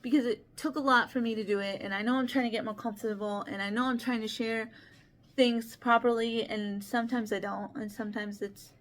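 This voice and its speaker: Woman w a lisp rambling to camera about her games, kinda shy, a bit higher voice, little stutters here n there. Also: steady tone, a little fast. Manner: rambling and chatty with restarts and small stutters; shy and earnest, laughs often. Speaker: board game channel host. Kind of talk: casual vlog talk showing games to camera.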